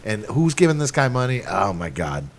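A foul-mouthed man co-hosts a casual podcast chat. He rambles through stories, and his pitch rises and falls a lot. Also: sing-song, normal speed, vocal fry. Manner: swears constantly, rambling. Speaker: podcast co-host.

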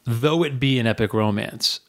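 A man co-hosting a film podcast, his voice of ordinary pitch. He lays out his opinions in a deliberate, conversational way. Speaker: podcast co-host. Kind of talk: casual film discussion.

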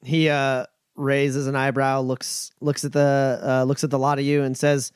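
A man's voice: medium pitch, completely flat delivery, measured pace, few pauses, clean tone, no echo, studio quality. A man narrating as game master in a tabletop game, describing scenes at length with frequent hesitations and restarts.

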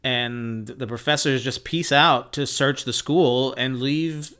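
A man's voice: medium pitch, fairly even intonation, slow, bright, forceful tone, smooth. A man co-hosting a podcast in casual chat, rambling, who laughs nervously. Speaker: podcast co-host.

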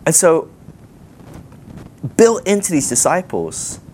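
A man giving a sermon in a loose, conversational way, animated and thinking aloud with fillers and quick laughs. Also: a little high, slight background noise. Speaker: preacher. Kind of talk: sermon teaching.

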